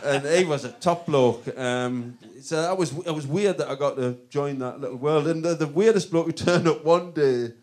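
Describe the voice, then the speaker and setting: A man's voice: on the high side, normal speed, hardly any pauses, darkish tone. A man with a Northern English accent telling rambling comic anecdotes in a casual chat, often breaking into laughter. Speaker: comedian guest.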